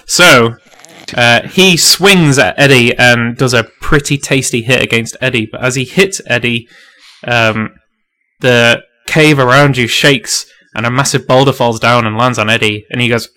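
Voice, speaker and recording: A man's voice: mid-range voice, sharp tone. A man running a tabletop game as game master, loose and chatty with lots of fillers.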